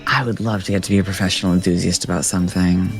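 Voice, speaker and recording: A man's voice: deep voice, fairly even intonation, racing, soft background music. A man co-hosting a podcast, trading blunt, profane banter in casual chat. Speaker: podcast co-host.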